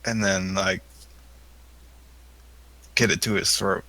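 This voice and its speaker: A man's voice: deep voice, flat delivery, takes it slowly, bright, forceful tone, no room sound, poor audio. A man playing a tabletop game, playfully declaring his character's actions. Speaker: player.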